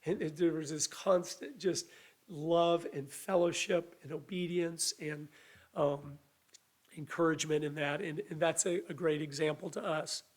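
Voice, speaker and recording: A man's voice: fairly high pitch, steady tone, measured pace. A man preaching a sermon in an earnest, conversational way, his voice a little weak. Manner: earnest, conversational preaching with restarts and acted quotes.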